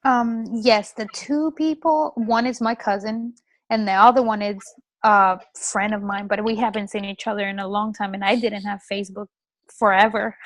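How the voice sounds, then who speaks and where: A woman on a group video call telling a story in a soft, chatty way. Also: mid-range voice, dry recording, low-quality recording. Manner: soft, chatty, laughs often. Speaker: team member on a call.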